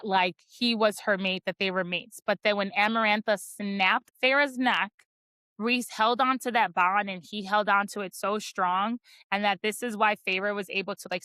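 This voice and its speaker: A woman gives a chatty, casual chapter recap on a book podcast, using "like" as filler again and again and teasing playfully about spicy scenes. Her mid-range voice sounds pushed and bright, and the recording is clean and dry.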